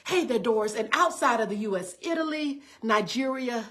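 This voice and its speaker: A woman pastor delivers live-streamed motivational preaching in a fairly high voice. She speaks straight to her online viewers, greeting them by name, and keeps tripping into repeated words before pushing on with fervor. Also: lively intonation, normal speed, fairly bright tone. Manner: fervent, direct address to viewers, stammered restarts. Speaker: pastor and online show host.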